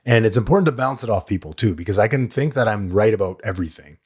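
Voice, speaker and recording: A man's voice: fairly low pitch, expressive, quick pace, darkish tone, breathy edge. A man hosting a recovery podcast. He talks candidly and plainly, swears now and then, and coaches his listeners, repeating the key lines. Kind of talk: solo talk on addiction recovery.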